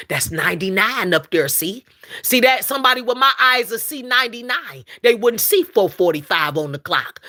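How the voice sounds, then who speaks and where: A woman with a high-leaning, sharp voice hosts a casual spiritual livestream. She speaks emphatically, repeats herself, laughs a lot and addresses her listeners as "collective."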